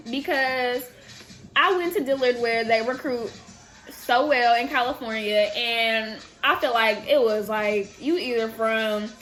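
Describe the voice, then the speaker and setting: A young woman in her twenties from the Bay Area, chatting casually and animatedly while answering viewer questions in a vlog. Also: a little high. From San Francisco Bay Area. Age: 20s. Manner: chatty, animated, laughs and trails off. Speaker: vlogger.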